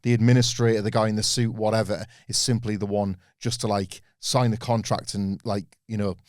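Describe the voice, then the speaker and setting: A man's voice: lowish voice, little pitch movement, fairly quick, darkish tone, no room sound, clean studio sound. A man co-hosting a wrestling podcast, talking in an enthusiastic, rambling way with asides. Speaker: podcast co-host. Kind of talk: casual opinionated chat.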